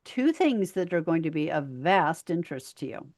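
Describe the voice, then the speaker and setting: A woman's voice: low-pitched, sing-song, normal speed, a little mellow. A woman co-hosting a podcast, chatting about a sitcom episode and sharing trivia. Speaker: podcast co-host. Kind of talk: casual episode recap.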